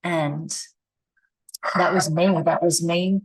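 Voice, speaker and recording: A woman, talking slowly and reflectively in a personal vlog, repeating her phrases as she thinks aloud at her rural home. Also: fairly low pitch, fairly even intonation. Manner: slow, musing, repeats phrases. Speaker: vlogger. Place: rural home with animals nearby.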